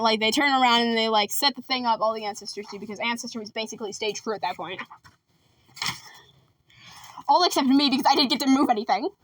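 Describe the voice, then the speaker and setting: A woman chatting casually and quickly about her school musical, rambling and joking with lots of asides. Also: fairly high pitch, fairly bright tone, no echo, far from the mic. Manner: fast, rambling, jokey with lots of "anyways". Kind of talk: casual chat.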